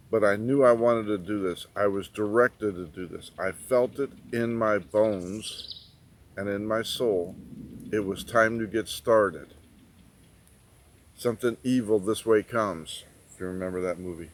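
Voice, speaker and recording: A man's voice: on the low side, a little hiss or hum. Folksy middle-aged man telling a story. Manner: folksy, rambling, repeats "I said". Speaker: prepping channel host. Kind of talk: casual storytelling.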